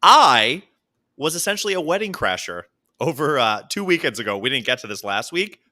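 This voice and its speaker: A young man co-hosting a casual comedy podcast, telling stories in an animated way with quick laughs. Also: medium pitch. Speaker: podcast co-host.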